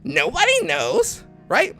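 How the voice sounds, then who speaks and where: A man doing a whiny, nerdy male gamer who complains haltingly, full of fillers. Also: very high voice, huge pitch swings, creaky, sharp tone, faint music behind, voice pushed up, exaggerated voice.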